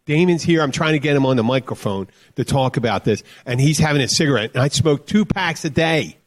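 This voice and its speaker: A man hosting a podcast in casual chat, easygoing and quick to laugh. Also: fairly high pitch, expressive. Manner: easygoing, quick to laugh, short agreeing replies. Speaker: podcast host.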